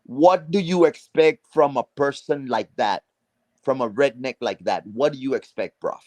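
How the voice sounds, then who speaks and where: A South Texas man delivers a heated, casual live-stream rant at normal speed. His mid-range voice has a darkish tone with no echo. Heavy profanity, restarted phrases and relentless point-hammering fill his talk.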